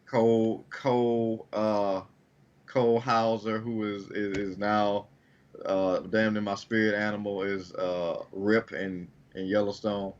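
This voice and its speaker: A man's voice: on the low side, level tone. Podcast cohost guy, lots of ums, trails off, kinda muffled audio. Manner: halting, filler-heavy, trails off. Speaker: podcast co-host. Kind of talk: casual chat.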